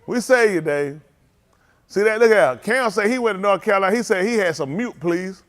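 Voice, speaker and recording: A man's voice: sits high, expressive, a little fast, a bit bright. A man, leading a congregation and greeting livestream viewers by name in a joking, teasing, casual way. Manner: joking, teasing, calls out names.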